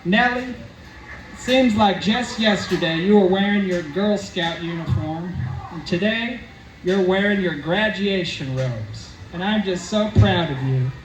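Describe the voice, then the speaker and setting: A woman's voice: fairly low pitch, a little slow, natural voice. A man voicing a proud, sentimental mother giving a toast, in a roomy space from a distant mic. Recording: roomy, distant mic, faint background hum.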